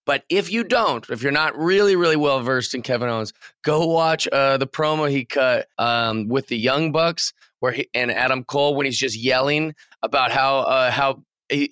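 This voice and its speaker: Bright-voiced man rambling on a podcast. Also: mid-range voice, normal speed, hardly any pauses, clean tone, no room sound, clean studio sound. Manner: rambling, restarts, eager fan. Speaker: podcast co-host. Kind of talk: casual podcast chat.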